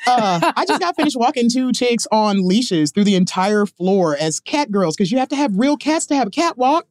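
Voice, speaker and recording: A woman's voice: medium pitch, fairly quick, few pauses, dry recording, studio quality. A woman in her forties, a guest on a casual podcast, telling brash, profane stories. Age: 40s. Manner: brash, profane, animated storyteller. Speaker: guest, professional dominatrix. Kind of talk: casual podcast chat, storytelling.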